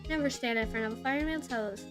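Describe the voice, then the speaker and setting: A streamer commenting on a game in a playful, animated way, with dramatic outbursts. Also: female voice, a little high, fast, music in the background. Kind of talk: casual gameplay commentary.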